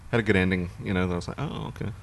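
A man's voice: sits low, level tone, very fast. A man co-hosting a casual talk show, rambling through movie recaps with plenty of fillers. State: hiccuping. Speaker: podcast co-host. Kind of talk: casual chat.

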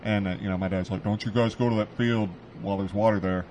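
Laid-back podcast co-host, low and quick, swears and laughs as he tells stories. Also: fairly even intonation, a little mellow, a little hiss or hum. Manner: laughing, profane storyteller. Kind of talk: casual storytelling chat.

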